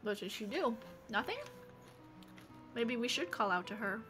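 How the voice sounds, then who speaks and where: A woman's voice: a little high, lively intonation, moderate pace, music in the background. A woman streaming a game, chatting casually, giggling and reading chat messages aloud.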